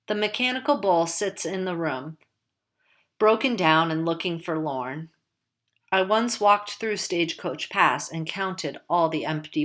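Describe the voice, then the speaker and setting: Lower-pitched woman narrating wryly. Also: a bit bright. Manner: casual, wry, conversational storytelling. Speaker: audiobook narrator. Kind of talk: first-person novel narration.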